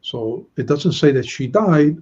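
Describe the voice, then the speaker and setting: A man teaching a Bible study lesson, slowly explaining Hebrew grammar and stressing key words. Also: a little high, expressive, darkish tone, husky, highs cut off.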